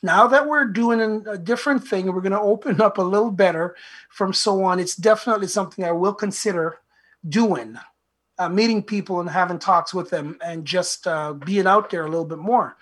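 Husky earnest male talk-show host. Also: sits high, fairly quick, fairly bright tone. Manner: earnest, repetitive, reflective. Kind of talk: self-help talk show monologue.

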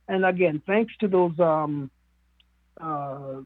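A man's voice: fairly high pitch, measured pace, husky, no echo. A man from the Caribbean speaking on a radio show, talking in an earnest, musing way with many fillers. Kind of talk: reflective radio talk. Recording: narrow phone-like radio sound.

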